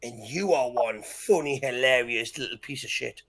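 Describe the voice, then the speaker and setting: A man with a northern English accent, a guest on a livestream, loud, teasing and swearing. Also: medium pitch, moderate pace. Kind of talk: casual comedic banter.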